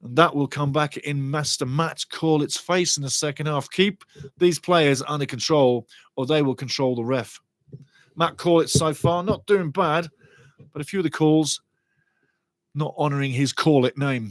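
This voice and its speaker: A man's voice: on the high side, moderate pace, dry recording. A man giving passionate fan commentary on a live football match, cheering his side and reading out chat messages. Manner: excitable, partisan, reads chat comments aloud. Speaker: fan watch-along commentator.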